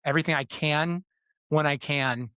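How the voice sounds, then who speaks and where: A man's voice: on the high side, pushed and bright, clear, resonant tone, no room sound, clean studio sound. A man in his thirties, a podcast guest, talking casually and often restarting his sentences. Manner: halting, many restarts. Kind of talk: casual conversation.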